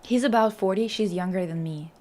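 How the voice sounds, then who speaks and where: A woman's voice: medium pitch, brisk, darkish tone. A young adult woman hosting a casual stream chat, reacting bluntly and with lots of swearing as she reads out stories. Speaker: streamer host.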